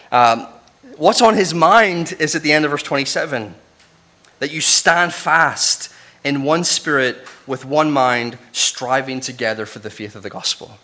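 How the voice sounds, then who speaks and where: A man from Northern Ireland with a softened Northern Irish accent, teaching from the Bible in a chatty, conversational way. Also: medium pitch. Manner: conversational, chatty, with restarts and asides. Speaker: preacher. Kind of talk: casual Bible teaching sermon.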